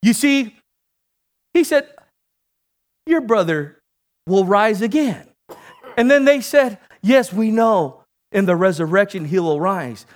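A man preaching a sermon, calling for amens from the congregation and building to shouted peaks. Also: high voice, expressive, slow, long pauses. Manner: call-and-response preaching, rising to shouts.

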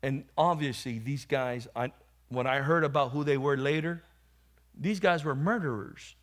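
A man preaching, telling his own testimony and rising from quiet storytelling to loud calls to the congregation. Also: medium pitch, normal speed. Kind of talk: testimony sermon.

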